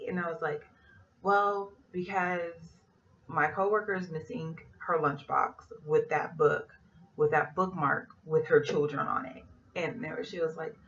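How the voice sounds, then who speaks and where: A woman flight attendant spins a casual story for her vlog, performing each quoted line with a gravelly, creaky voice. She sits back from the mic, and the recording is muffled and lo-fi with faint noise underneath. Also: low-pitched, recorded from a distance. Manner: animated retelling that acts out quoted dialogue.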